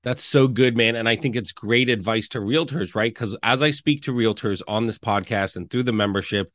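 A man's voice: medium pitch, normal speed, fairly bright tone, no echo, studio quality. A man hosting a podcast, earnestly reacting to his guest and asking questions. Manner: earnest, affirming, asks questions. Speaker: podcast host, realtor coach. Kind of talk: podcast interview.

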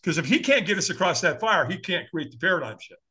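A man's voice: high voice, fast, husky. A man from the United States, a firewalk instructor and podcast guest, telling a story animatedly and acting out other people's voices with frequent chuckles. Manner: animated, acts out quoted voices, chuckles often. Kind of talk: storytelling in a conversation.

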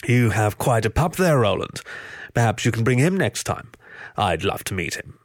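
A man voicing a fat male panda bear crime broker who talks politely and smoothly, in a storybook reading. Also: medium pitch, sing-song, normal speed, dry recording, clean studio sound.

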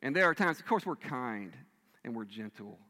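A male pastor preaching a sermon, swinging between loud emphatic bursts and hushed, quiet lines. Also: mid-range voice, big pitch swings, moderate pace. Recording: long reverb of a large hall.

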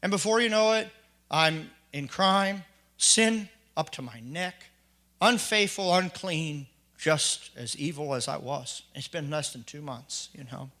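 A man's voice: on the high side, expressive, unhurried, pushed and bright. A middle-aged man giving an earnest, conversational spoken testimony, full of restarts and asides. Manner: earnest, conversational, many restarts and you-knows. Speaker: church member giving testimony.

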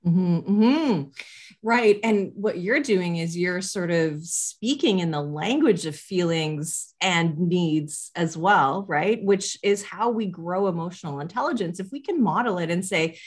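A woman's voice: lowish voice, expressive, unhurried. A woman parenting coach talking in a casual conversation, earnest and often checking in with "right?". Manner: earnest, keeps asking "right?".

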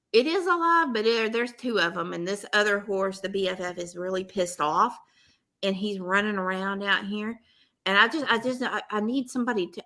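A woman, telling a story in casual chat and acting out both sides of the dialogue. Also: medium pitch. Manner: animated, laughing, acts out both sides of dialogue.

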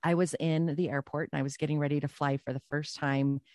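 A woman guest telling a personal story in a casual podcast chat, animated and repeating phrases for emphasis. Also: sits low, fairly quick, dry recording.

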